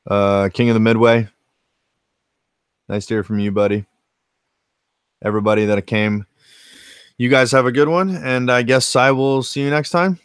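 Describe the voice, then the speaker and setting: A man's voice: mid-range voice, steady tone, moderate pace, pauses often, clear, resonant tone, no echo. An American man hosting a casual retro gaming livestream from his home game room, laid-back and rambling, swearing freely as he answers chat. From United States.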